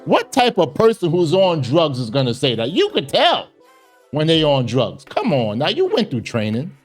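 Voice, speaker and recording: Male commentary host, lively swinging pitch, slangy and emphatic, casual reaction talk. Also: normal speed, faint music behind.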